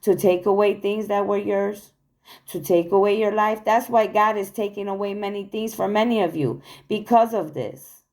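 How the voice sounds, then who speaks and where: A woman's voice: mid-range voice, fairly even intonation, normal speed, a little mellow. A woman giving an earnest, accusatory spiritual monologue to her viewers, recorded on a phone. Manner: earnest, accusatory, repetitive declarations. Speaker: spiritual channel host.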